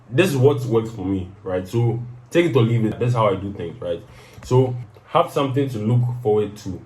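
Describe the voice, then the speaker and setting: A man's voice: mid-range voice, darkish tone, reverberant, low-quality recording. A young man hosting his own show, giving casual motivational advice and often tagging "right?" onto his sentences. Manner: conversational, peppers sentences with "right?". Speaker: host of a personal advice show.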